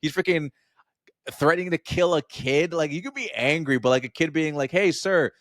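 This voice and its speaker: Animated man rambling in a film chat. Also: fairly high pitch, a little fast, dry recording, studio quality. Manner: animated, rambling, acts out quotes. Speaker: podcast co-host. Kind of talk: casual film review chat.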